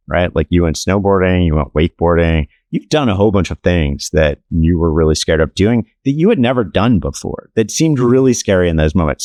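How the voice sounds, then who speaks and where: A man, an author being interviewed, talking in a relaxed, anecdotal way with many casual fillers. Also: deep voice, no room sound, clean studio sound. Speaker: author and podcast guest. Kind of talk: conversational interview storytelling.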